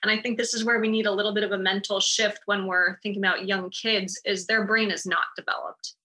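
Woman, parenting expert, bright mid-pitched voice, encouraging, explanatory. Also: flat delivery, fairly quick, rough recording. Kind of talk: casual podcast chat.

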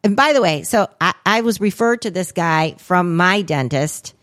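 On a podcast, a female co-host with a lowish, expressive, slightly bright voice spins a rambling story at a moderate pace. She's chatty and profane, swearing freely and packing her talk with fillers and endless "like"s.

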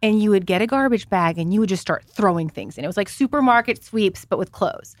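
A Canadian woman in her forties co-hosting a podcast, chatting casually and telling animated stories, swearing freely and laughing as she talks. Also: mid-range voice, brisk, dry recording. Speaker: podcast co-host. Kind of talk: casual chat.

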